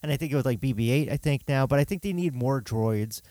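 A man hosting a casual chat, talking in a relaxed, rambling way with many fillers. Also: medium pitch, fast, no echo.

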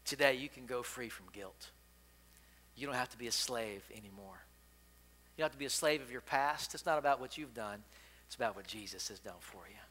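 Emphatic bright-voiced male preacher. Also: mid-range voice, brisk, a little hiss or hum. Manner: emphatic, repetitive. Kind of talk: sermon with storytelling.

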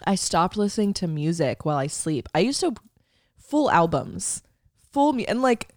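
A young woman co-hosting a podcast, reacting with quick comments and frequent laughs. Her voice sits a little low but moves around a lot in pitch. The sound is close and dry. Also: sing-song, a little mellow, no room sound. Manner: laughs often and reacts with short interjections. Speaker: podcast co-host. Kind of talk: casual chat.

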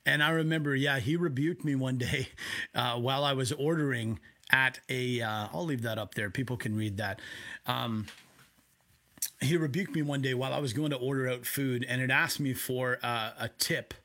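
A man preaching a sermon from home in a conversational way, with quick asides. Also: medium pitch, bright, forceful tone. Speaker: pastor.

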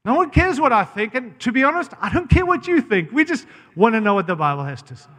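A man's voice: high-pitched, wildly swooping pitch, fast, fairly bright tone. An American man preaching a sermon, blunt and impassioned, often breaking off mid-phrase to restart. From United States. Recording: long hall reverb.

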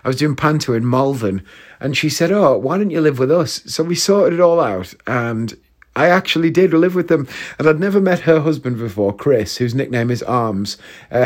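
A man's voice: mid-range voice, moderate pace, darkish tone. A young man hosting a podcast, telling rambling comic stories and swearing freely. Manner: chatty, swears freely, jumps between anecdotes. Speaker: podcast host. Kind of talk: casual comedic monologue.

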